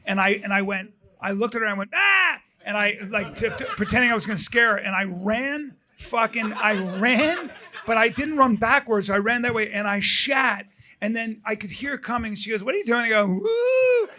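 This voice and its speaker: High, bright-voiced man telling a comic story. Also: moderate pace. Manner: animated, shouts out sound effects, drops to muttering asides. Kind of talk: comedic storytelling to a live audience. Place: live comedy club stage.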